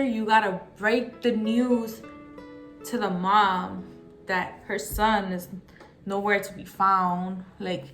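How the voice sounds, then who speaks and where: A young woman telling a personal story in a vlog, halting and emotional, fighting back tears, with many fillers and restarts. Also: mid-range voice, a bit bright. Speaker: vlogger.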